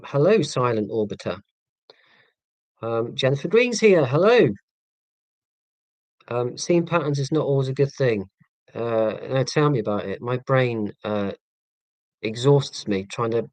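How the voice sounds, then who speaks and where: A man in his forties from northeast Scotland hosts a casual live stream, working through viewer comments in a rambling, self-deprecating way full of ums and restarts. His voice is medium-pitched and a little mellow, with no echo.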